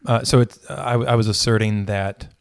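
A man's voice: lowish voice, fairly even intonation, normal speed, vocal fry, clean tone, no room sound, studio quality. A man who is a pastor, in a casual conversation about faith, thinking aloud and often correcting himself.

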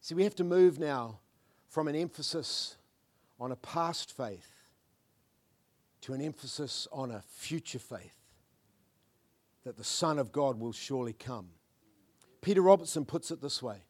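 A man preaching a sermon, swinging between loud, fervent declarations and hushed, murmured prayers. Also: mid-range voice, animated, measured pace, pauses often. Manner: mimics churchgoers in asides.

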